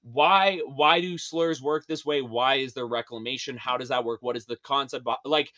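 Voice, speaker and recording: A man as a podcast guest in casual chat, animated and profane, laughing often. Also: mid-range voice, moderate pace, lo-fi sound.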